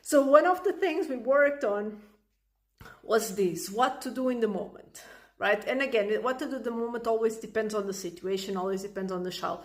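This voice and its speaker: Chatty woman parenting coach, fairly high voice. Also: moderate pace. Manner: chatty, many "like" and "right?" fillers. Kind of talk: casual explanatory talk to camera.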